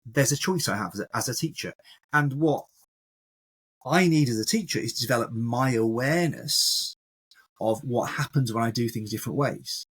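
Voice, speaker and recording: Male educator, co-host, husky mid-range voice, animated and emphatic. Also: medium pitch, moderate pace. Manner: animated, acts out classroom examples. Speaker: maths educator, podcast co-host. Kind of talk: casual discussion.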